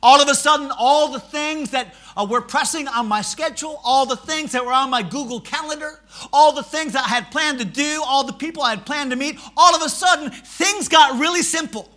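A male pastor preaching a sermon in church, swinging from shouted swells to hushed, quiet lines. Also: extremely high pitch, a little fast.

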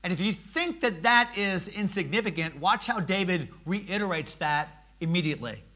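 A male pastor preaching a sermon in church, swinging from shouted swells to hushed, quiet lines. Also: sits high, lively intonation, normal speed.

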